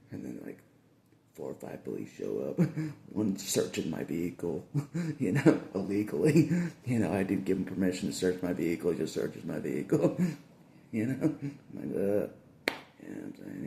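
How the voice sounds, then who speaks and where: A man's voice: sits low, huge pitch swings, normal speed, creaky, pauses often, dark tone, roomy sound. A man talking in a rambling casual monologue, laughing often and repeating himself.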